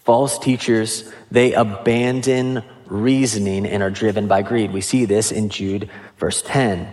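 A pastor preaching a sermon in a conversational way, with casual asides and questions to the congregation. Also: male voice, fairly low pitch, fairly even intonation, unhurried, a little mellow.

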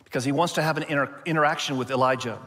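A male pastor preaching a sermon, expressive and slowing down to stress key points. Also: on the high side, in a large hall. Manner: expressive, slows down for emphasis.

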